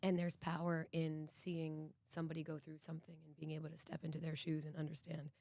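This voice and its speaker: An earnest, reflective woman from Boston speaks as a podcast guest. Her voice is low and stays fairly level. She often restarts her sentences. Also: completely flat delivery, brisk, a little mellow, dry recording. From Boston, United States. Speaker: actress and executive producer, guest. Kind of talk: casual podcast interview.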